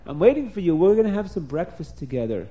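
A man voicing a calm, kindly older sage who speaks gently and reassuringly. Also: high voice, quick pace.

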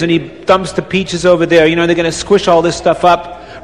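High-voiced animated storyteller man. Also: normal speed, hardly any pauses. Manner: animated, repetitive, sprinkles Yiddish words. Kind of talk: oral storytelling. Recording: long reverb.

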